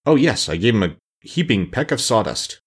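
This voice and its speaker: A man's voice: medium pitch, very animated, normal speed, husky, pitched above the performer's own voice. A man voicing a frightened, sulky old soldier with a long beard in a storybook reading, in a fearful manner. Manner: breathless and fearful, then sulky. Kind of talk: audiobook character reading.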